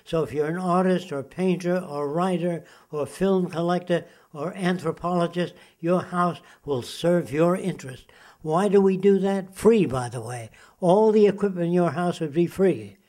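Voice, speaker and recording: Older man lecturing emphatically, fairly high. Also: normal speed, darkish tone. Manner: lecturing, emphatic, asks rhetorical questions. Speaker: interviewee, futurist. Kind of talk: interview monologue.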